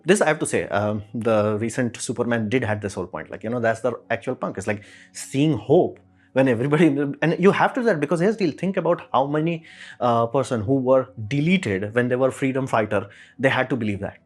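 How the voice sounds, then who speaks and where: A man's voice: medium pitch, brisk. Rambling man with faint music behind. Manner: rambling, repeats "it's like", fillers. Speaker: commentator. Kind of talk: casual opinion monologue.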